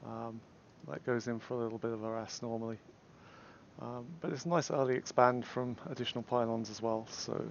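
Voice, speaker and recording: A man's voice: mid-range voice, flat delivery, brisk, dull audio, slight background noise. A man with an English accent casting a game tournament casually, hesitant, with many fillers and restarts. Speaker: tournament caster.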